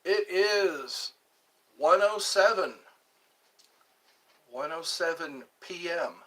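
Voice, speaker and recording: A man muses aloud on his own casual solo vlog, drifting from one topic to the next, his voice a bit far from the mic. It sits on the high side, animated, pushed and bright, and he speaks very slowly.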